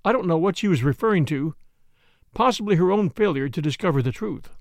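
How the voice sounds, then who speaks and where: A man reads a mystery novel aloud with a measured, grave delivery. His fairly high voice moves with lively intonation and a gravelly texture, recorded close and dry. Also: no room sound. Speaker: narrator.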